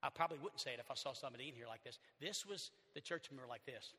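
A male pastor with a Southern accent preaching a sermon in a church, animated, swinging from loud to hushed. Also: mid-range voice, racing. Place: church sanctuary. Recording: long church reverb.

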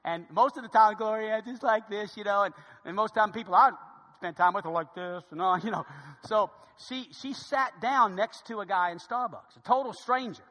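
Middle-aged guy pastor telling a story, high bright voice, repeats himself a lot, big echoey church. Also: brisk. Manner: repeats words, conversational, grows hushed when serious. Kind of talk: storytelling sermon.

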